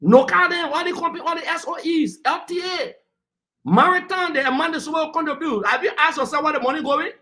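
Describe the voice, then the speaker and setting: High-voiced combative man. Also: a little fast, pushed and bright. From Liberia. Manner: combative, lecturing, talks over interruptions. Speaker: political panelist. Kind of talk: heated political debate.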